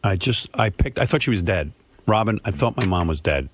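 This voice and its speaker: A man's voice: lowish voice, lively intonation, a little fast, slight background noise. A man hosting a radio show, telling a personal story emphatically, often repeating himself for effect. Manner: emphatic, repetitive, dramatic storytelling. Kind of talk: casual talk radio storytelling. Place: radio studio.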